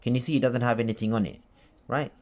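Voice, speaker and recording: A man explains recitation rules in a relaxed tutorial voice. He is patient and goes over each point more than once, checking in with his listener as he goes. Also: medium pitch, fast. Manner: patient, repeats points with frequent "okay?" and "right?" checks. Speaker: Quran recitation teacher.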